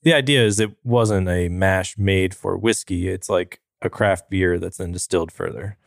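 A man hosting a casual podcast, talking in a relaxed, rambling way and laughing often. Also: low-pitched, moderate pace, vocal fry, no echo, clean studio sound. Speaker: podcast host. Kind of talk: casual chat.

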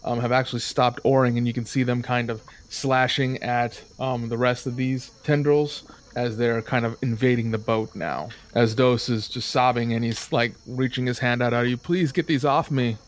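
Man narrating as game master, mid-pitched voice, relaxed descriptive tabletop narration. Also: normal speed.

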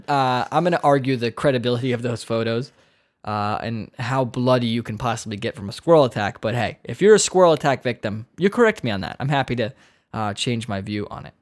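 Male podcast host, solo casual chat, joking and profane, mid-pitched voice. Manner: joking, profane, mock-dramatic asides.

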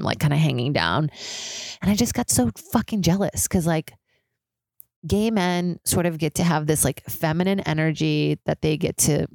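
A young woman with a gravelly voice hosts a chatty, casual solo podcast on a dry recording. She swears, leans heavily on "like," and does high, squealing impressions of other people.

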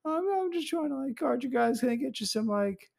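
A man's voice: extremely high pitch, animated, brisk, vocal fry, pitched above the performer's own voice, heavily acted. A man voicing a nervous, eager young boy camper with a whiny, people-pleasing manner.

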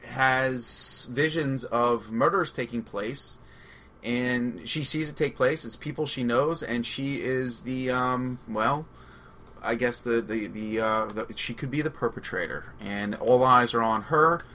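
A man with a Long Island accent, co-hosting a casual movie podcast, excitable and rambling, laughing often. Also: mid-range voice, unhurried, a little hiss or hum. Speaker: podcast co-host.

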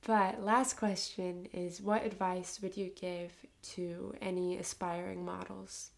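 A woman's voice: on the low side, little pitch movement, slow, creaky, a little hiss or hum. Gushing young woman interviewer. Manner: enthusiastic, gushing, "like" and "oh my gosh". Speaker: interviewer, host. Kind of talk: casual interview chat.

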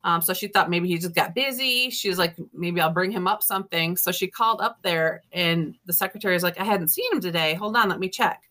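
A woman's voice: on the low side, fairly quick, hardly any pauses. A woman guest author in an interview, telling ghost stories casually and acting out other people's lines as she goes. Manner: lively storyteller, acts out quoted dialogue, laughs often.

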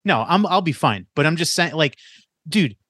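A man's voice: a little high, lively intonation, normal speed, a bit bright, slightly rough, dry recording, clean studio sound. A young man co-hosting a casual podcast, talking loosely with lots of slang and fillers. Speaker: podcast co-host. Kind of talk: casual chat.

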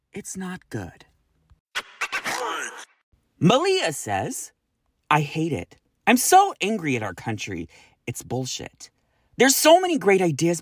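A woman's voice: rumbling low, no echo, clean studio sound. A woman hosting a podcast, reading listener messages in a blunt, casual way, swearing freely and sighing in exasperation. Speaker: podcast host.

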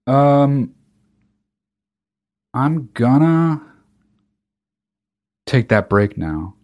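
A man's voice: medium pitch, big pitch swings, extremely slow, a little mellow. A man hosting a podcast, talking alone in a casual monologue, ranting with emphatic profanity and frequent restarts. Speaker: podcast host.

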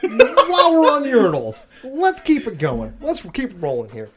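Brief: tired, delirious man co-hosting, crude and rambling, pitch all over the place. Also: huge pitch swings, a little slow. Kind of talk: casual chat.

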